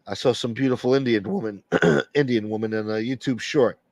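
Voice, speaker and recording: A man's voice: mid-range voice, brisk, a little mellow, dry recording. A man hosting a late-night livestream and rambling bluntly through strong opinions in casual chat. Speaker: livestream host.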